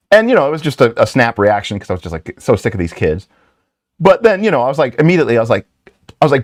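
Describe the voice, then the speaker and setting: Animated self-deprecating male channel host. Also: medium pitch, racing, no room sound, clean studio sound. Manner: self-deprecating, animated storytelling with frequent restarts and asides. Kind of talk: casual rambling talk.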